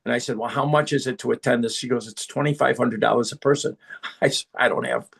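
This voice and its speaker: A middle-aged man, a podcast guest, telling stories in a casual, animated way and acting out the voices of people he quotes. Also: medium pitch, quick pace, gravelly, husky. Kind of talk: casual storytelling.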